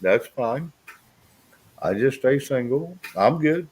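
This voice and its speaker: A man's voice: mid-range voice, animated, slow pace, darkish tone, husky. Guy hosting a casual chat, blunt, jokey, laughs a lot. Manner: blunt, joking, laughs often. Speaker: host.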